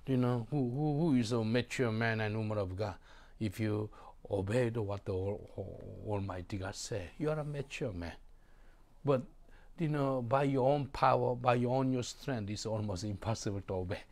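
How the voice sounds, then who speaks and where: A man's voice: fairly low pitch, normal speed, a little mellow. A man preaching a sermon in non-native English with broken grammar. He is emphatic, repeats his phrases and asks the congregation to answer back.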